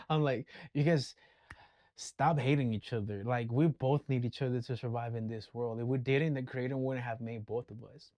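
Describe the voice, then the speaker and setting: A man's voice: mid-range voice, fairly even intonation, moderate pace, a little mellow, no room sound. A man ranting casually in a vlog, blunt and full of profanity. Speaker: vlogger. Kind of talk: casual rant.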